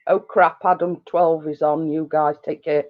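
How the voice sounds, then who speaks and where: Low-voiced and level in tone, a middle-aged woman keeps a moderate pace as she hosts a casual live stream from her home living room. She rambles on, full of fillers and giggles. The audio is a dull, lo-fi home recording.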